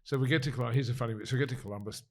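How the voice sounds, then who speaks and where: A man, a podcast guest, telling stories in a casual, animated way and swearing freely. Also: mid-range voice, racing. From Australia. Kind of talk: casual storytelling.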